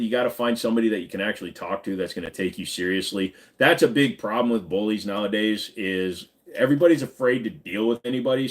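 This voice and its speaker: A man in his forties, tired after hours of live streaming, chatting casually and joking as he reads out viewer comments, swearing freely. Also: on the low side.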